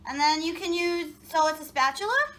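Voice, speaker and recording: A woman's voice: extremely high pitch, expressive, a little fast, sharp tone. A woman vlogger chatting casually and jokingly while making a recipe in her home kitchen. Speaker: cooking vlogger. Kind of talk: casual chat while cooking.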